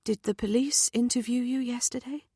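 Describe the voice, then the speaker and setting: Woman reading as a gentle, caring mother. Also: fairly high pitch, steady tone, moderate pace, breathy edge, no echo, studio quality, pitched above the performer's own voice. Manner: gentle, patient.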